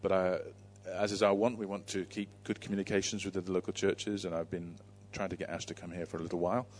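Man, low flat voice, church leader, halting intro and prayer. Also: a little hiss or hum. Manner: halting, many fillers.

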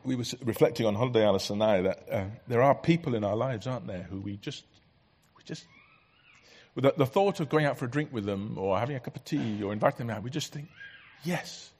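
A man preaching a sermon in a church, earnest and conversational, letting many lines drop soft. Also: mid-range voice, quick pace, slight background noise.

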